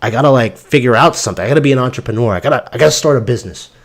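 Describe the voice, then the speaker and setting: Profane, animated man ranting casually. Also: medium pitch, racing. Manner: ranting, exasperated. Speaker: crypto stream host. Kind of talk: casual rambling monologue.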